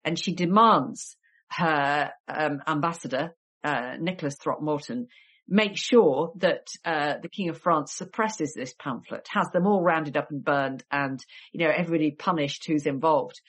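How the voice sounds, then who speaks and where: A woman with a notably low voice and a cold talks through history in a relaxed podcast interview. She tells her stories in a chatty way, dropping wry asides as she goes. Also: unhurried, slightly rough. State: has a cold. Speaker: guest historian and author.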